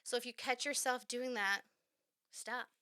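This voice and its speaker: A woman's voice: on the high side, fairly even intonation, unhurried, bright, forceful tone. A woman hosting a podcast, talking frankly and animatedly on her own, acting out little quoted voices and swearing casually. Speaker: podcast host. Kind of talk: candid solo podcast talk.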